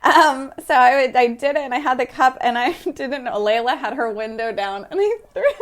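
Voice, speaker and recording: A woman in her thirties from the American South, a guest telling stories in a casual interview, animated and laughing often. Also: sits high, normal speed. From Florida, American South.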